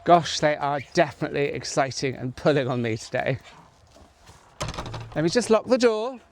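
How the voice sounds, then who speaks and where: A vlogger in casual chat who keeps switching into high, sing-song talk aimed at the dogs. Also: very animated, normal speed, slight background noise. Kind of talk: casual vlog narration. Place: a house and snowy fields outdoors.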